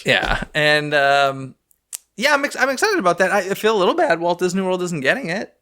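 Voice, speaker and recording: A man co-hosting a fan podcast in casual chat, animated and chatty with self-deprecating asides. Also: sits high, brisk. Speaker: podcast co-host.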